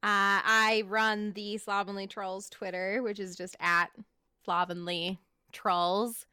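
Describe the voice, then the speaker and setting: A woman's voice: medium pitch, level tone, slow pace, bright, forceful tone, clean tone, dry recording. A woman co-hosting a casual podcast, throwing in dry, teasing quips. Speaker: podcast co-host.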